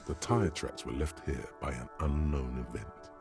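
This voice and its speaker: An actor voicing the grave male narrator of a detective game, speaking in a slow, measured, deadpan way. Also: a bass voice, music in the background.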